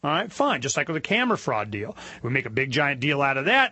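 A man holds forth on his talk show in an animated, indignant monologue, his voice climbing whenever he gets worked up. His tone is bright and forceful, sitting a little high for a man. The sound is dry and close, with no room around him. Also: fairly quick, few pauses, dry recording. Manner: animated, indignant storytelling, rising pitch when worked up. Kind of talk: opinionated monologue.

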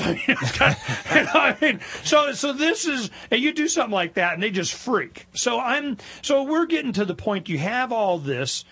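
A man hosting a talk radio show in a studio, talking in an animated, emphatic, rambling way and acting out other people's voices. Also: extremely high pitch, breathy edge. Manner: animated, emphatic, rambling with frequent "you know"; acts out other people's voices in quick asides.

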